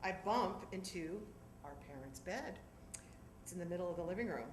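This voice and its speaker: A middle-aged woman from Southern California performing a one-woman stage monologue, animated and acting out voices. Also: on the low side, normal speed. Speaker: storyteller performer. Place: theatre stage. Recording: echoey theatre with background noise.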